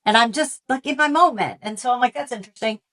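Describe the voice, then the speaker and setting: A woman's voice: fairly high pitch, animated, fast, a bit bright. A middle-aged woman, a sports reporter, telling stories as a guest in a casual conversation. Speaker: NFL sideline reporter, guest.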